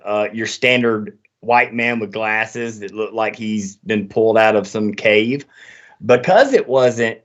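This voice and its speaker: A man hosting a podcast in casual conversation, talking emphatically with a lot of profanity. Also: medium pitch. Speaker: podcast host. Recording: dull lo-fi audio.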